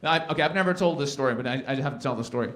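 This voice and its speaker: A man's voice: medium pitch, racing. A man doing a stand-up comedy set at a live event, telling stories and acting out the people in them. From Canada. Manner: animated storytelling, acts out quoted characters.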